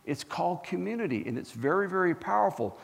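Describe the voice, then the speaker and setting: A man preaching a sermon as pastor, animated and asking the congregation questions. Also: sits high, fast, creaky, long reverb tail. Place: church.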